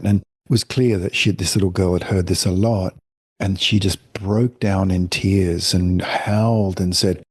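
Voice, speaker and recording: A middle-aged man, a family counselor, explaining his ideas in a gentle, reflective way in a podcast interview. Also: on the low side, steady tone, moderate pace, no echo, clean studio sound. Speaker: guest, family counselor and author.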